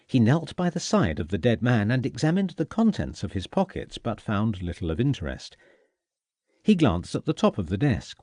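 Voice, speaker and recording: A male audiobook narrator reading a period mystery with a lively, varied pitch. The recording is close and dry, with no room sound. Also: dry recording.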